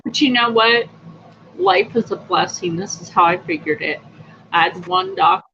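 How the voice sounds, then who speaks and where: A woman's voice: on the low side, normal speed. A woman hosting a casual livestream, telling personal stories in a chatty, upbeat, rambling way with many fillers. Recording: dull lo-fi audio with faint noise.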